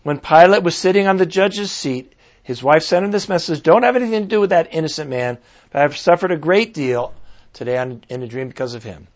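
Guy preaching a sermon, reads scripture then muses with lots of uh and restarts, kinda high voice, muffled audio. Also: lively intonation. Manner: earnest, pausing, restarts and fillers while reflecting. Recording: dull lo-fi recording.

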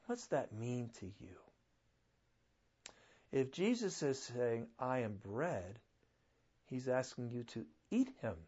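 A man preaching a sermon in a lively way, acting out the people he quotes and asking the listeners questions. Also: medium pitch, slow, long pauses, muffled recording. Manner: animated, acts out quoted voices. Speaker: pastor.

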